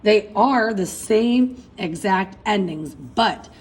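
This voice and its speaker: A woman talks through a lesson at an unhurried, deliberate pace. Her voice carries a slight huskiness. She chants lists of endings aloud and calls her listeners folks. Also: medium pitch, animated, breathy edge, low-quality recording. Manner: chanting verb endings, addressing students as folks. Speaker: Spanish teacher. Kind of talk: recorded classroom lesson.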